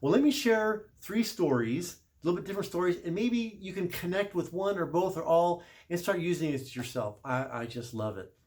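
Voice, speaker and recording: Middle-aged man, casual storyteller, slightly high voice, chatty with self-corrections. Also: animated, moderate pace, hardly any pauses, a little mellow. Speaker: service manager.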